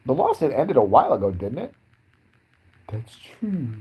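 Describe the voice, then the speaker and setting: A man's voice: medium pitch, huge pitch swings, fast, mellow, slightly rough, rough recording. A young man ranting in a crude, sarcastic, profane way as a podcast host. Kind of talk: crude comedic rant.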